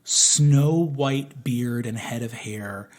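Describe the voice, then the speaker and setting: A man from the United States telling stories in casual chat, animated, acting out the people he quotes. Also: extremely slow. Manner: animated, acts out quotes with big pitch jumps. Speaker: storyteller in interviews. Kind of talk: casual anecdotal storytelling.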